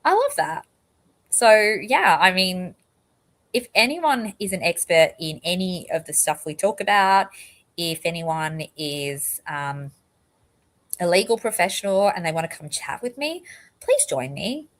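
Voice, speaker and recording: A woman's voice: on the low side, lively intonation, unhurried, a bit bright. Chatty Australian woman hosting a livestream. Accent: Australian with a slight British touch. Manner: chatty, rambling, gets tongue-tied. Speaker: livestream host. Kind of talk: casual livestream chat. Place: home.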